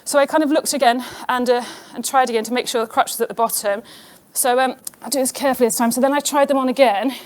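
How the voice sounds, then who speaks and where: A woman's voice: sits high, fairly even intonation, fast. A middle-aged woman hosting an awards show with a chatty, self-deprecating stand-up routine full of ums.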